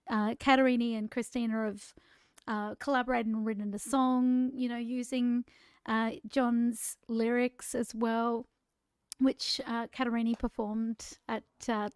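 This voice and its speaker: A female podcast co-host chats casually in a fairly high, flat, unhurried voice, captured as a clean, dry studio recording. She is warm and chatty, laughs often, and restarts sentences by repeating words.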